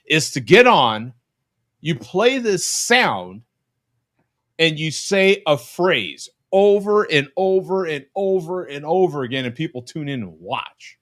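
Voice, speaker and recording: A man hosting a casual live-stream chat over a video call from his home, rambling with lots of halting restarts. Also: fairly high pitch, lively intonation, a bit bright, dry recording, clean studio sound. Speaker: podcast host. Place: home room.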